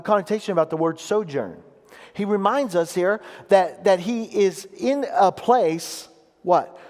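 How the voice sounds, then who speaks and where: A man delivers a sermon from the pulpit, his voice sitting high for a man. He explains scripture with emphatic, weighty stresses. Long reverb trails off each phrase in the sanctuary. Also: darkish tone. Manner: emphatic preaching, reads scripture aloud with slow weighty pauses. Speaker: pastor. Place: church sanctuary.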